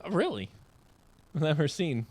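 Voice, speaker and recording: A young man co-hosting a casual podcast, playful and quick to giggle. His voice sits a little high and leaps around a lot, with lively swings in pitch. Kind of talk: casual chat.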